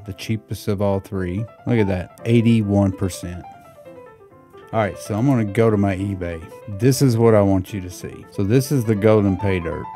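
A man reviewing gold pay dirt at home, chatting to his viewers and getting excited over finds. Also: fairly low pitch. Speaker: gold prospecting YouTuber. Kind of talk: casual chat, reviewing and weighing gold.

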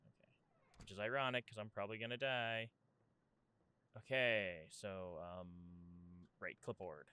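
Brief: young woman gamer, low voice, lively and jumpy, swears a lot, unhurried commentary. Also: smooth. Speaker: gaming streamer. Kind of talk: casual horror game commentary.

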